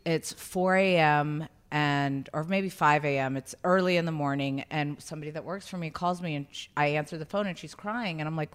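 A woman's voice: low-pitched, steady tone, moderate pace, hardly any pauses. A woman in her thirties, a podcast guest, telling a story in a casual, chatty way with many restarts. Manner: chatty, many restarts, acts out quoted voices.

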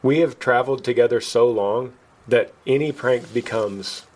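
With a mid-range voice at a moderate pace, a man hosting a podcast recounts a story conversationally. He performs the quoted parts in a raised voice, stays animated, and breaks into laughter at himself along the way.

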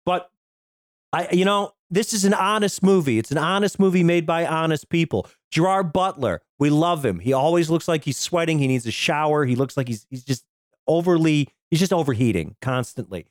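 Man, podcast host, slightly high voice, dry close sound, rambling jokey banter, swears a lot. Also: expressive, moderate pace, dry recording. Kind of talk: casual comedic film podcast chat.

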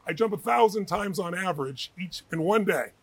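A man being interviewed as a guest author, telling animated, emphatic stories in a quick, energetic manner. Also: high-pitched, breathy edge, no room sound, poor audio.

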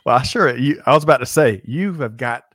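An upbeat male host with a medium-pitched voice, recorded close and dry with no room sound. He talks briskly, cracks small jokes and reads out viewer names. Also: expressive, a bit bright, no echo. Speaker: livestream co-host. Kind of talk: upbeat live show banter.

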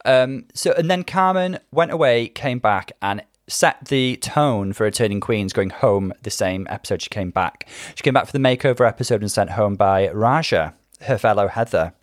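A man's voice: on the low side, lively intonation, normal speed, hardly any pauses, dry recording, studio quality. A man hosting a podcast in casual chat, recounting past events at length in a chatty, gossipy way. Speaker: podcast host.

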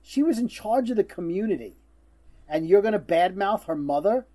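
A man's voice: sits high, expressive, normal speed, warm tone. A man co-hosting a podcast, chatting loosely about a TV episode and swearing casually. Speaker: podcast co-host. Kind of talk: casual TV recap chat.

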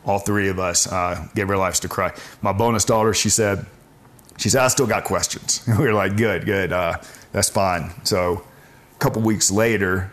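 A man in his forties tells a personal story in conversation, earnest and halting, with frequent restarts. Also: low voice, fairly bright tone. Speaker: guest telling his faith story.

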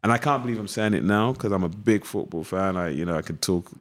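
East london guy, kinda low voice, chatty storyteller doing the voices of people he talks about. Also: fast talker. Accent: East London English. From East London, England. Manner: animated storyteller acting out past conversations. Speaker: actor guest. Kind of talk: interview storytelling.

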